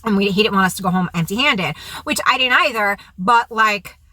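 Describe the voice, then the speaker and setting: Bright-voiced woman telling a wild story. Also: medium pitch, no echo. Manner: animated, fast, slangy storytelling. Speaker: vlogger, recovery coach. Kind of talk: storytelling vlog.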